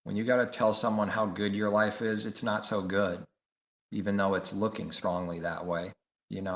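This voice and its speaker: A man's voice: on the low side, flat delivery, moderate pace. A man preaching a sermon, emphatic and repetitive, firing rhetorical questions. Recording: echoey room, dull lo-fi sound.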